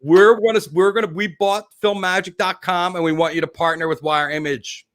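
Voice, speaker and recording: A man's voice: sits high, steady tone, brisk, fairly bright tone. A man hosting a casual interview, chatty and telling stories, laughing easily. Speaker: show host.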